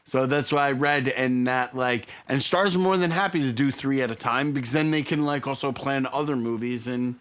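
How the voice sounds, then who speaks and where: Male co-host, average pitch, casual talkative film chat. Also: normal speed, hardly any pauses, a bit bright. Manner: chatty, leans on "like" and "you know". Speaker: podcast co-host. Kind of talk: casual movie discussion.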